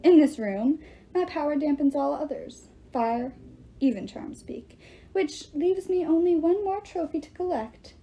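A woman's voice: high voice, animated, unhurried, dark tone, pitched above the performer's own voice. A woman voicing a greedy old king with a golden touch, smug and mock-apologetic.

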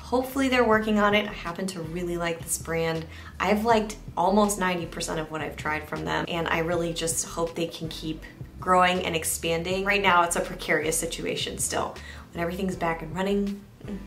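A young beauty reviewer gives a candid, chatty makeup review in a casual vlog, speaking straight to her viewers. Her voice is fairly low and a bit bright, with fairly even intonation and a fairly quick pace.

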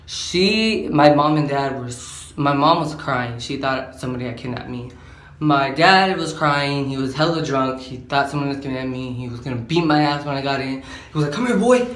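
An eighteen-year-old man, recording a storytime as a vlogger, talks in a rambling, slangy way with lots of "like." His mid-range voice has a fairly bright tone. The recording picks up a roomy echo and faint background hum.

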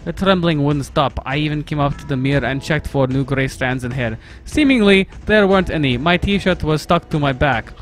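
A man's voice: on the high side, normal speed, few pauses, faint music behind, lightly acted. A man voicing a nervous, sarcastic young Russian man alone at night, with a put-on Russian accent and broken English while reading a visual novel aloud. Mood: exasperated.

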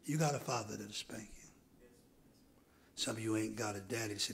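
Gravelly-voiced preacher, hushed to shouting. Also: male voice, lowish voice, a little fast, a little hiss or hum, low-quality recording. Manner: builds from hushed murmurs to hoarse shouting. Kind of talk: sermon. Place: church sanctuary.

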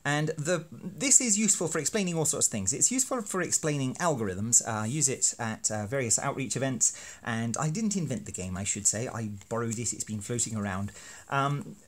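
A man's voice: mid-range voice, expressive, a little fast. A man explaining a teaching card game in a playful, self-deprecating, hammy way. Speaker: university lecturer making teaching videos. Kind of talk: educational explainer.

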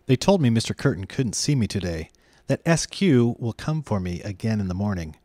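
A man's voice: lowish voice, lively intonation, a little fast, mellow, no echo. A man reading aloud, voicing an anxious, frightened young boy who pleads and frets. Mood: distraught. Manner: trembling, pleading, fretful.

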